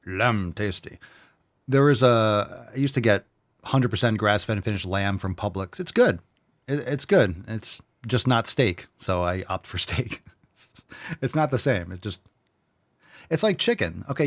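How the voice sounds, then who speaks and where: A man's voice: fairly low pitch, lively intonation, normal speed. A man hosting a fitness show in casual livestream chat, brash and joking, swearing freely.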